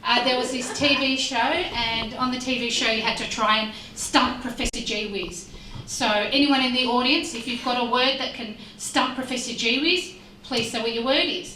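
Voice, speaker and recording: A woman's voice: a little high, normal speed, bright, forceful tone, a little hiss or hum. A woman telling a stand-up joke, acting out a game-show host's voice. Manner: acts out a game-show host voice. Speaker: comedian. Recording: echoey, from a distance, faint ambience.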